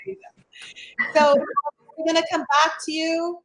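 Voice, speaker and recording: A woman's voice: very high-pitched, flat delivery, unhurried, a bit bright, low-quality recording. A woman hosting a casual interview over a video call, chatty and upbeat, talking her plans aloud and repeating herself as she goes. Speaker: host.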